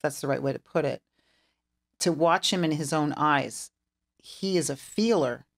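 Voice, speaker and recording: A woman's voice: deep voice, measured pace, creaky. A middle-aged woman, an interior designer, telling stories in an interview and acting out the dialogue. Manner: animated storyteller who acts out quoted dialogue. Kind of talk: storytelling interview chat.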